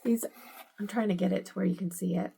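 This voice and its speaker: A woman's voice: mid-range voice, steady tone, fast talker, gravelly, dark tone, breathy edge. A middle-aged woman vlogger unboxing gifts, gushing and teary with emotion. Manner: gushing, emotional, tearful at times. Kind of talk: casual unboxing vlog.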